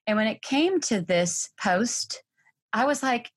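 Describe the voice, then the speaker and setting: A woman in her thirties hosting a solo parenting podcast, telling her own story in a candid, expressive way. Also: a little high, slow.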